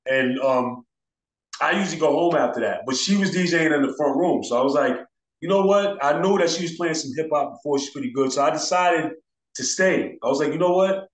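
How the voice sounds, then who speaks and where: A man's voice: fairly high pitch, a little fast. A man, a DJ guest in an interview, telling stories casually and acting out the voices of people he quotes. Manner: laid-back, acts out quoted voices. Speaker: DJ and turntablist guest. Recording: roomy echo.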